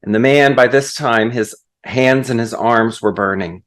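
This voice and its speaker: A man's voice: mid-range voice, measured pace, a bit bright. Storytelling man preaching a sermon. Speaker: guest minister.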